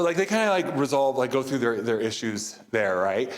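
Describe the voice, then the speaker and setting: A man's voice: medium pitch, sing-song, normal speed, few pauses. A man hosting a podcast, casually recapping a movie in a rambling way with many fillers. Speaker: podcast host.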